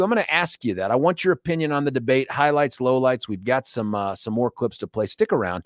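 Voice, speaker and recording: A middle-aged man hosting a talk radio show, animated and jokey, chatting into a studio microphone. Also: mid-range voice, dry recording. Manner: animated, jokey, does quick impressions.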